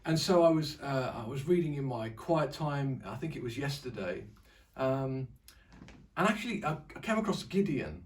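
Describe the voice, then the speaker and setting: A man's voice: medium pitch, big pitch swings, moderate pace. A man presenting a casual online church devotional, chatty and rambling with fillers and restarts. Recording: distant mic.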